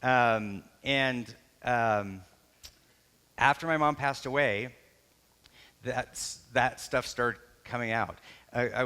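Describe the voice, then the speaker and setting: In an animated retelling within his sermon, a middle-aged pastor from Canada shares a personal story, self-correcting as he goes and voicing other people's words. He has a medium-pitched voice, heard with long reverb.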